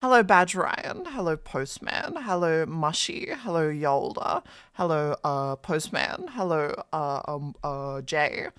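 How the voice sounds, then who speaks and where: Slow-talking, playful, foul-mouthed streamer. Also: mid-range voice, expressive, fairly bright tone, smooth, no room sound, clean studio sound. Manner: greets chatters by name one after another, swears freely, playful rants; mock-dramatic, hypes things up then undercuts them. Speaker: live streamer. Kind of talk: casual live-stream chat.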